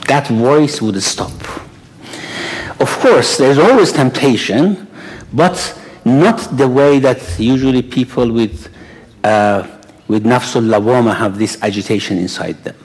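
A man's voice: medium pitch, expressive, a little slow. A man giving a religious lecture and taking questions, with dramatic storytelling that drops to a whisper and rises to exclamations. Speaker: speaker answering questions.

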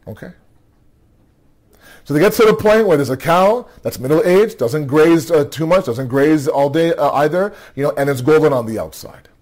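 A man's voice: on the high side, animated, moderate pace, a little mellow. A tired man telling a religious story to a nightly gathering, conversational, checking in with "okay?" and often restarting phrases. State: tired, yawning. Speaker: religious speaker.

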